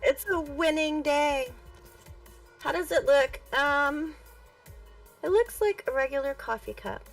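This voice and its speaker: A woman's voice: high voice, slow, distant mic, soft background music. A woman chatting playfully on a voice call, giggling often. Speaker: guest on a call. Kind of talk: casual chat on a voice call.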